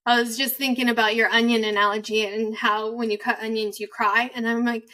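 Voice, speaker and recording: A woman's voice: fairly high pitch, level tone, brisk, far from the mic, poor audio. A woman podcast host interviewing a guest, affirming with frequent murmurs and asking thoughtful questions. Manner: warm-toned, affirming, frequent "mm-hmm". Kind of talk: conversational interview.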